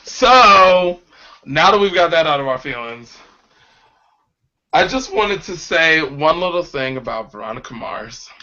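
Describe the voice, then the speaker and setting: A man's voice: on the high side, expressive, unhurried, sharp tone. A young man co-hosting a podcast, chatting casually in a sassy, playful way. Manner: sassy, playful, bursts into exclamations. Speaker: podcast co-host. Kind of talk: casual chat. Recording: dull lo-fi webcam audio.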